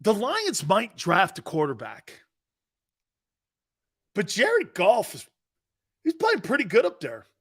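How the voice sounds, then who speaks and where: A man hosting a sports talk show, joking loudly and laughing often as he riffs on football. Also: high voice, wildly swooping pitch, slow, pauses often, husky. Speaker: sports radio host.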